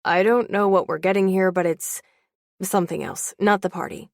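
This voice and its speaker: A woman's voice: mid-range voice, fairly even intonation, moderate pace, creaky, no room sound, studio quality, close to an everyday voice. A woman voicing a young male coworker who talks hesitantly over an earpiece in an audiobook. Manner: hesitant, urging. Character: young man on the earpiece, calm, a bit awkward. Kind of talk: audiobook character voice.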